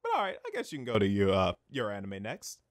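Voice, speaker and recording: A man's voice: fairly low pitch, huge pitch swings, fast talker. A young man in casual chat, talking hesitantly with lots of fillers and restarted phrases. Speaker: co-host.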